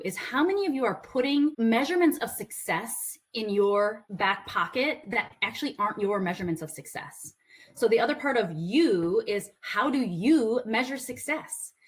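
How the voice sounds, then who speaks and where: A woman business coach giving a conversational talk to a group, earnest with playful asides. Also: a little high.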